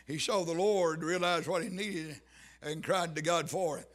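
High, bright-voiced fervent male preacher. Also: fairly even intonation, unhurried. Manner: fervent, swings from shouting to hushed near-whisper. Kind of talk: sermon.

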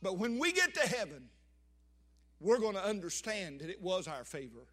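High bright older preacher. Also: male voice, sing-song, normal speed. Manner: impassioned preaching with emphatic swells and drops. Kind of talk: sermon.

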